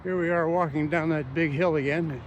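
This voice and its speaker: A travel vlogger walks through a small coastal town with a handheld camera, rambling through casual commentary full of fillers and restarts. His voice is a little high and steady in tone. The audio is dull, with outdoor noise and rushing water.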